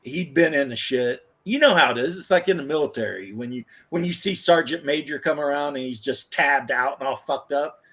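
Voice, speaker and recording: A man's voice: mid-range voice, fairly quick, hardly any pauses, a bit bright, slightly rough. A man in his thirties, a former firefighter, telling rambling, profane stories in casual chat. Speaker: podcast host, former firefighter.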